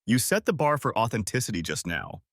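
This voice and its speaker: A calculating male director who keeps his words gentle and measured, his pitch moving a lot from phrase to phrase. A man plays him in his own voice. Dry and close. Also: sing-song, no echo. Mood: gently.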